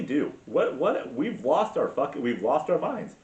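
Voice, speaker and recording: Ranting crudely and sarcastically, a podcast host fills his talk with swearing and filler words. His fairly high voice is sing-song and slightly dark, unhurried yet with hardly any pauses. The sound is roomy, distant and dull.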